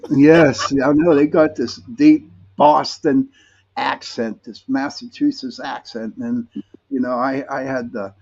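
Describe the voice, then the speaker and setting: A man's voice: medium pitch, little pitch movement, takes it slowly, vocal fry, a little mellow. A man hosting a live podcast, rambling and friendly with lots of fillers and restarts. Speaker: podcast host. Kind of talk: live-stream podcast chat. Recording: dull lo-fi streamed audio.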